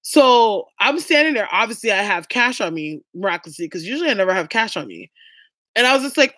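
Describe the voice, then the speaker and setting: A woman's voice: medium pitch, expressive, moderate pace, bright, forceful tone, no echo, studio quality. A young woman vlogging, telling a story to her viewers in a blunt, chatty way and swearing freely.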